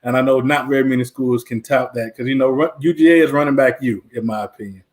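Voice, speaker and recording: A young man guest looks back on his playing days in a relaxed, reflective way, with filler words running through it. His voice sits at an ordinary middle pitch, and his talk is easygoing and conversational. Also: fast talker. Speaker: guest, former college lineman. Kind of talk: casual interview talk.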